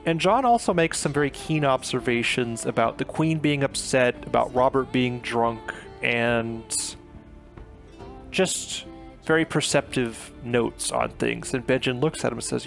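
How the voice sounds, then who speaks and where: Gravelly man recapping a book casually. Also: mid-range voice, unhurried, soft background music. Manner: chatty, filler-heavy retelling with paraphrased quotes. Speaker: book reviewer.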